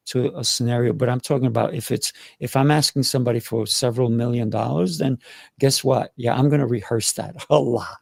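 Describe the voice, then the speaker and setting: A man hosting a relaxed panel discussion, his voice heavily gravelly with deep fry. He talks earnestly, circling back over words as he works out an idea. The sound is close and dry. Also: dry recording. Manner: earnest, repeats words while finding his point. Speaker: host. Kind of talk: casual panel talk.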